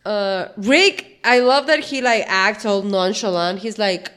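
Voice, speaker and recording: A woman whose first language is Spanish, co-hosting a casual podcast and retelling cartoon scenes in an animated way. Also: medium pitch, measured pace, smooth. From Spanish-speaking country. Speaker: podcast co-host.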